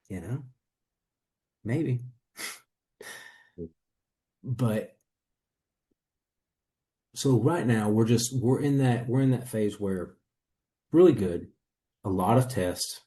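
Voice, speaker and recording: Earnest low-voiced man telling his story. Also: warm tone. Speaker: coaching client. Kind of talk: candid testimonial interview.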